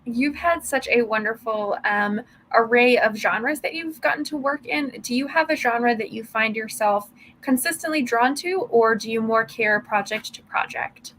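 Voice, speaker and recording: A woman's voice: a little high, moderate pace, hardly any pauses, fairly bright tone, slight background noise, low-quality recording. A woman hosting a fundraiser livestream, upbeat and eager, with frequent "um" fillers. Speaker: host.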